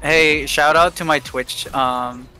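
A young man playing a video game with a friend, chatting casually with deadpan, mumbled jokes. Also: a little high, slow pace, faint music behind. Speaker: guest gamer. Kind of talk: casual gaming chat.

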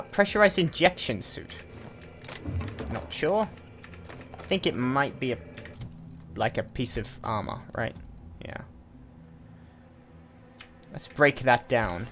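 A man's voice: medium pitch, a bit bright, slight background noise. Chatty man narrating his gameplay. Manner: chatty, thinks aloud with asides. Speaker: let's play host. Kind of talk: casual game commentary.

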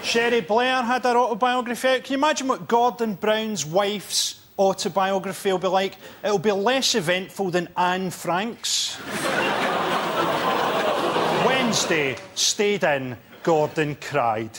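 A male panellist telling jokes in a dry, deadpan way. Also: high voice, unhurried, heavy background noise. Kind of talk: deadpan stand-up. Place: TV studio.

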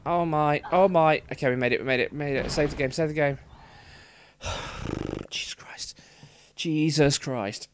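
A man's voice: fairly high pitch, a little fast, hardly any pauses, noisy background. A man livestreaming gameplay commentary, frustrated and swearing through exasperated outbursts. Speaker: let's play streamer.

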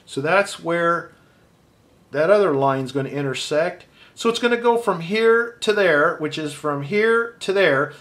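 A man teaching a step-by-step drawing lesson, calmly thinking aloud as he measures and marks lines. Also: a little high, unhurried. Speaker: art teacher.

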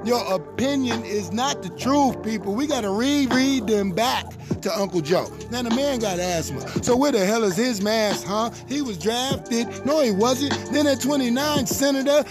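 A man's voice: extremely high pitch, normal speed, hardly any pauses, over music. A middle-aged man performing rhythmic, preachy spoken-word political poetry, hammering points with repetitions.

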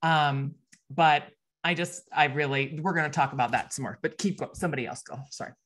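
A woman's voice: sits low, a little fast, a bit bright. A woman on a video call who halts, laughs and breaks off mid-sentence in a casual chat.

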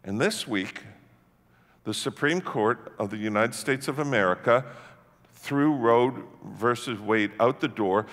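A man from Canada preaching a sermon as pastor, emphatic and swinging from hushed tones to shouting. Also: medium pitch. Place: church sanctuary. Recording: long church-hall reverb.

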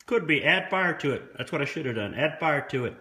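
A man casually reviewing fast food on camera, tasting and commenting between bites. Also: a little high, lively intonation, sharp tone, husky.

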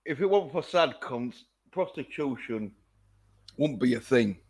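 A man's voice: medium pitch, animated, unhurried, breathy edge. A man ranting profanely in a casual livestream. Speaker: vlogger.

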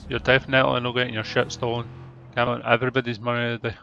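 A man commentating his gameplay, loud and excitable, swearing often. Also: mid-range voice, racing, creaky, lo-fi sound, a little hiss or hum. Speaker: gamer. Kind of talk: let's-play commentary.

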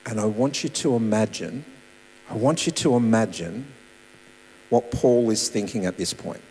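A man preaching a sermon as pastor, animated, with loud emphasis and soft asides. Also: fairly low pitch, moderate pace. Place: church hall. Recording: reverberant church hall.

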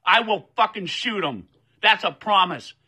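Angry guy ranting to his followers, lots of cussing, high voice with a really piercing edge. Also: animated, unhurried, husky, poor audio. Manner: furious, swearing, shouting demands. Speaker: social media poster. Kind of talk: angry profane rant to camera.

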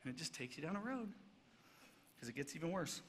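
A man preaching a sermon as pastor, swinging between loud emphatic stretches and hushed, soft passages. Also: fairly high pitch, very animated, a little fast. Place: church sanctuary. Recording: church hall reverb, faint background noise.

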